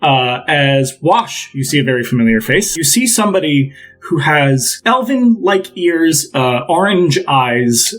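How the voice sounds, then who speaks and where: A man's voice: fairly high pitch, very animated, unhurried, a bit bright, soft background music, poor audio. A man narrating as game master, describing scenes in a loose, rambling way with many fillers.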